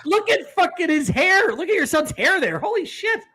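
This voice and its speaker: A man chats on a podcast and jumps in with excited, swearing reactions. His voice sits high and sounds bright and sharp. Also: moderate pace. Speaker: podcast co-host. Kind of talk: casual chat.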